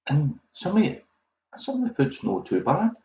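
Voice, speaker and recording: A man's voice: fairly high pitch, huge pitch swings, normal speed, a little mellow. Rambling Scottish man, echoey lo-fi audio. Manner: chatty, self-mocking, wanders off on tangents. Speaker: quiz host. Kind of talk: casual rambling livestream chat. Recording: echoey, dull lo-fi audio with faint noise.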